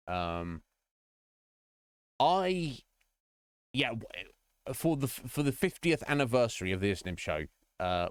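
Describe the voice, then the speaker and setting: A man streaming a game, chatting casually in a rambling, halting way and often laughing. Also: low voice, clear, resonant tone, no room sound, clean studio sound.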